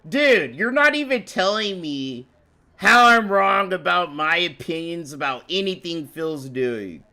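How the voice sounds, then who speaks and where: A man's voice: high-pitched, animated, a little slow, sharp tone. A man from the United States commentating on a live stream, ranting at chat in a profane, rambling, confrontational way. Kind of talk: heated live-stream rant.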